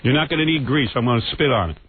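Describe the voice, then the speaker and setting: A man's voice: medium pitch, animated, racing, husky. A man hosting a radio show, taunting a rival in a crude, mock-menacing bit. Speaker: radio host. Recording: tinny lo-fi radio broadcast, faint hiss.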